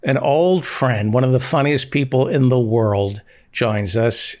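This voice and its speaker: A man hosting a podcast interview over a video call, with slightly halting introductions that repeat words. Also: mid-range voice, darkish tone. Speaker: podcast host. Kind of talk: casual interview chat.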